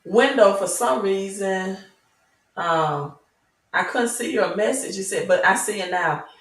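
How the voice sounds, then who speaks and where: She speaks a little slowly in a medium, slightly bright voice with a Southern accent, hosting a crypto livestream where she reads chat and preaches emphatically, peppering it with rhetorical questions like "right?". Her distance from the mic leaves her ringing in a roomy echo.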